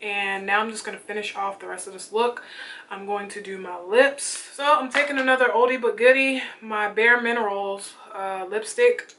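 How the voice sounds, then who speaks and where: Bright-voiced chatty young woman vlogger. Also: medium pitch, normal speed, slight background noise. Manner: chatty and excitable, with slangy asides. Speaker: beauty vlogger. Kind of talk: casual get-ready-with-me chat. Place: home, doing makeup.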